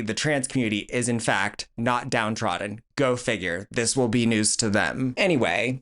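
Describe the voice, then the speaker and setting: A man hosting a commentary video, blunt and sarcastic, mocking his subject as he reads and reacts. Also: medium pitch. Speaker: video essay host. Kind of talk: commentary vlog.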